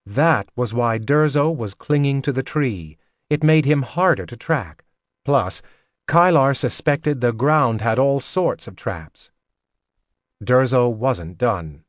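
A man narrates a fantasy audiobook with a measured, even delivery at a middling pitch. The recording is close and dry, with no room sound. Each line is read with steady control. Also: dry recording.

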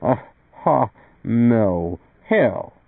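A man's voice: medium pitch, very animated, normal speed, creaky, husky, dry recording, narrow, tinny audio, pitched above the performer's own voice, heavily acted. A man voicing a nervous, stammering young husband who speaks fatalistically in a read-aloud story. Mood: anxious.

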